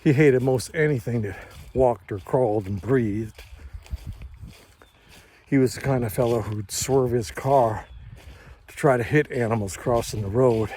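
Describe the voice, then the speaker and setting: An older man telling a first-person story in a slow, measured, plainspoken and folksy way. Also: medium pitch, mellow, slightly rough.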